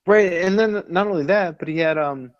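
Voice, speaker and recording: A man co-hosting a podcast, chatting casually in an animated, rambling way with lots of fillers, a little tipsy. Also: high-pitched, moderate pace, no echo, lo-fi sound. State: slightly tipsy. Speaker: podcast co-host. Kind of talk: casual chat.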